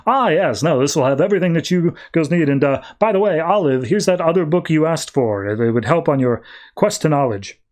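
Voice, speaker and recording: A man's voice: fairly high pitch, lively intonation, fairly quick, close to an everyday voice. A man playing a pompous fussy librarian, raised voice.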